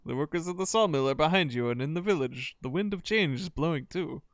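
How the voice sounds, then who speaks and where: A man's voice: a little high, lively intonation, fast, dry recording. A man voicing a friendly, earnest male sawmill worker who rallies people to his side.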